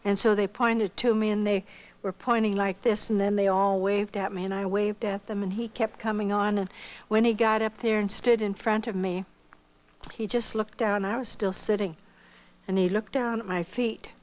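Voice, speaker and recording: A woman's voice: medium pitch, normal speed, low-quality recording. An older woman from Iowa, a missionary, recounting her own life story as spoken testimony and acting out what others said. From Iowa, United States. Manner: storytelling, acting out others' lines with lively voices.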